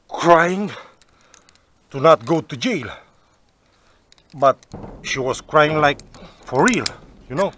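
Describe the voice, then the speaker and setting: Slow-talking, profane male storyteller. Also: fairly high pitch, a bit bright, slight background noise. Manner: rambling, profane, full of "you know". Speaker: vlogger telling a personal story. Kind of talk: casual storytelling.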